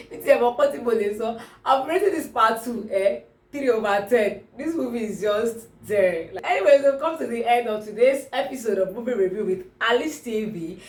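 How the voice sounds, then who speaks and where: A woman with a Nigerian accent reviewing a movie in a casual vlog, talking in an exclamatory, animated way. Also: on the high side, normal speed. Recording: roomy, distant mic.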